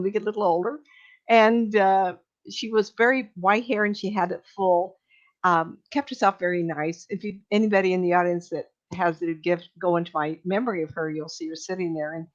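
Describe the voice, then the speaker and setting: An older woman, a medium, telling chatty, meandering stories to a live audience, laughing and acting out what people said. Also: medium pitch. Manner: chatty, meandering storytelling with laughs and acted-out quotes. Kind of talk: storytelling talk to a live audience. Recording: dull lo-fi recording.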